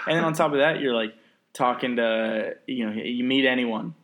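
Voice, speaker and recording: A man's voice: medium pitch, fairly even intonation, normal speed, a bit bright. A man co-hosting a podcast in casual chat, ranting sarcastically and swearing freely. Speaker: podcast co-host.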